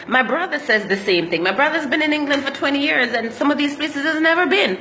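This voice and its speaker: A woman's voice: sits high, lively intonation, a little fast, hardly any pauses, sharp tone, big-room sound, slight background noise. A Jamaican woman telling travel stories in a casual vlog, slipping into patois as she talks. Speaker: travel vlogger.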